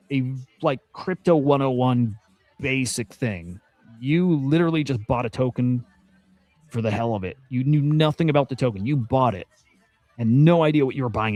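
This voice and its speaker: A man's voice: mid-range voice, warm tone, no room sound. A man streaming crypto news commentary. He rants bluntly and swears often, repeats himself, and sounds exasperated. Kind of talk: casual ranting commentary.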